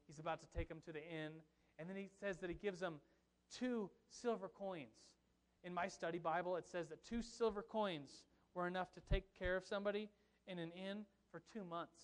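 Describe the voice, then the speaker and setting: Man, young adult, pastor, high voice, animated joking sermon.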